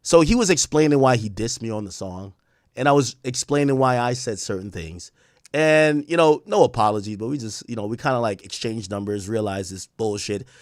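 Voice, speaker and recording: A man hosting a livestream, telling a long story in a casual, mocking, profane way and slipping into quick impressions of other people. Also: medium pitch, no echo, clean studio sound. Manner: animated, profane, mocking impressions, laughs often. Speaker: streamer host.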